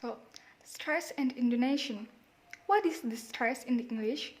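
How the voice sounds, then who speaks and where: A woman's voice: on the high side, a little slow. A woman with an Indonesian accent giving a class presentation on pronunciation, repeating example words with emphasis. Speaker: student presenter.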